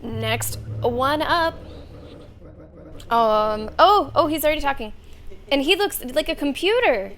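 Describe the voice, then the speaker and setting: A young woman with a slightly high voice talks through a game session into a desk mic, thinking out loud and dropping in plenty of "okay"s. Her pacing is relaxed and slow, with faint room hum underneath. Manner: thinking aloud, chatty with many "okay"s. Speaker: streamer. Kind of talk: casual gameplay commentary.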